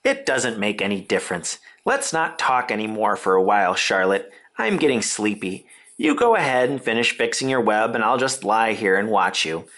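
A man's voice: fairly low pitch, sing-song, a bit bright. A man voicing an anxious young male pig in a storybook reading, pleading and eager. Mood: sleepy. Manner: pleading, quick questions.

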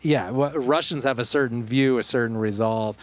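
Brief: a male podcast co-host of middling pitch, casual and digressive, with dry humor. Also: normal speed. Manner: conversational, digressive, with wry asides. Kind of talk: casual political discussion.

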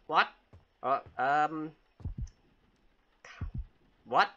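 A man narrates his gameplay in a jokey, casual way, often crying out and bantering with the characters. His voice sits a little high and sounds bright and forceful. A faint hiss of noise runs under the recording. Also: big pitch swings, a little slow, long pauses. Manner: jokey, exclaims and talks back to the game. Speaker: gamer.

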